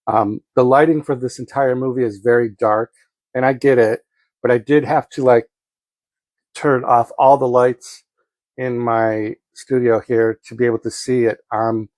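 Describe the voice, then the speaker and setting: A man's voice: medium pitch, steady tone, a little slow, a little mellow, no echo. A man giving a casual spoken movie review from his home studio, rambling with many ums and self-corrections.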